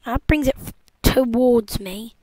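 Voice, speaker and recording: High-pitched, excitable young gamer woman. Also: a little slow, no echo, low-quality recording. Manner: excitable, jokey, talks to the game. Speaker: gameplay commentator. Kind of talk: casual let's-play commentary.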